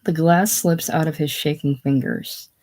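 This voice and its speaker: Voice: medium pitch, steady tone, a little slow, a little mellow. Casual reader of stage directions. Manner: reading stage directions plainly. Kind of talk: casual play reading.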